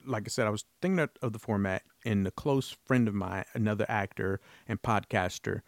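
A man talks on his solo podcast in a low, grounded voice, earnest and a little rambling as he circles back over his thoughts. The sound is dry and close, with no room around him. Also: a little fast, creaky, dry recording. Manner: rambling, earnest, frequent restarts and fillers. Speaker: podcast host. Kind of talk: casual solo podcast talk.

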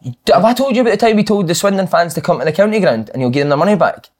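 A Scottish man and former footballer, telling animated stories on a casual football podcast and swearing freely. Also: high voice, racing.

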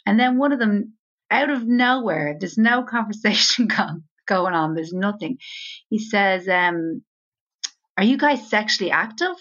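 A woman's voice: mid-range voice, a little slow, a bit bright. A woman with an Irish accent, co-hosting a podcast and telling rambling anecdotes with casual swearing. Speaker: podcast co-host. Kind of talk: casual chat. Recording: slightly dull, lo-fi audio.

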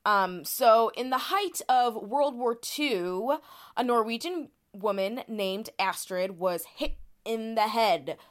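A woman's voice: fairly high pitch, takes it slowly. A woman in casual podcast chat, explaining a topic with lots of fillers and restarts. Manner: chatty, many "like"s and restarts.

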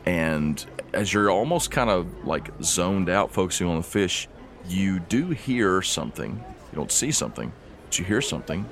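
A man's voice: low-pitched, sing-song, normal speed, vocal fry, a little hiss or hum. A man narrating as game master of a tabletop game, in loose, rambling speech full of fillers.

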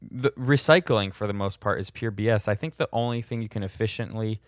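Blunt sardonic man, low voice. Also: brisk, dry recording, studio quality. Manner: blunt, sardonic, laughs at own jokes. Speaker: vlogger answering viewer questions. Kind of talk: casual Q&A monologue.

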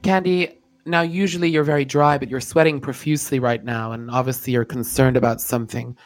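A man co-hosting a comedy show in a mock-earnest persona. He delivers his lines with deadpan seriousness. His pitch sits in an everyday middle range. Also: a little fast. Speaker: co-host in a comic persona. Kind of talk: deadpan comic role-play.

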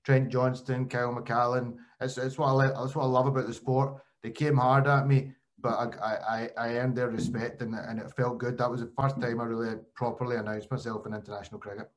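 Animated storytelling man hosting a podcast. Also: medium pitch, a little fast, hardly any pauses. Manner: animated storyteller, frequent restarts. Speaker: podcast host and former cricketer. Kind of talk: casual chat, storytelling.

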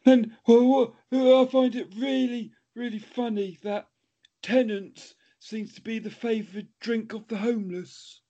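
A man's voice: extremely high pitch, little pitch movement, unhurried, mellow. A man, co-hosting a podcast and trading silly jokes in casual chat. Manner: silly, jokey banter. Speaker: podcast co-host. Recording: dull lo-fi audio.

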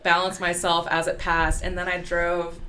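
A young woman from the United States telling a story in a casual chat, animated, laughing through her lines. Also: lowish voice, normal speed, a little hiss or hum.

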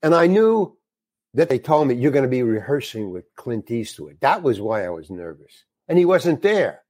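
Older man, guest raconteur, blunt and animated, dry close sound. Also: medium pitch, normal speed, no echo. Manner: animated, acts out dialogue, frank, swears. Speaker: guest actor. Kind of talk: anecdotal storytelling.

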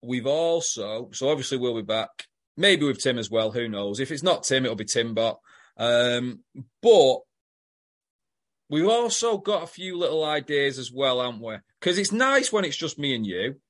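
A man's voice: mid-range voice, big pitch swings, moderate pace, a bit bright. A man co-hosting a podcast in casual chat, with dry, teasing banter. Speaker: podcast co-host.

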